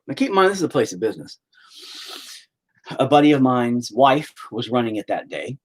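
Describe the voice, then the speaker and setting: Live streamer, male, husky voice, very lively intonation, heated and profane, casual storytelling. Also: medium pitch, brisk.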